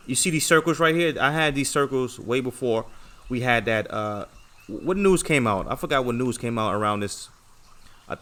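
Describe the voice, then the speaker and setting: A young man hosts a casual trading livestream from home, earnestly and a little preachily lecturing his viewers. His bright, forward voice sits at a mid pitch for a man. He repeats himself and keeps checking in with many "okay" and "all right" remarks.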